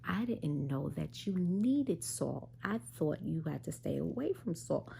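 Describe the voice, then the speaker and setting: A woman vlogger casually telling a personal story, animated, tired and unwell. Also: low voice, a little slow, vocal fry, a little hiss or hum. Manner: animated retelling, quoting others in dialogue.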